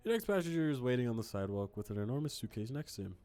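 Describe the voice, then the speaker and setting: Man, mid-pitch, game streamer, reads text aloud, joking asides. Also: sing-song, racing, mellow. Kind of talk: casual game narration and chat.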